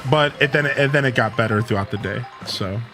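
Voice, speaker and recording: A man livestreaming and chatting casually with his viewers, telling a rambling, animated story full of filler words. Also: medium pitch, fairly quick, music in the background. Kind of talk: casual chat with stream viewers.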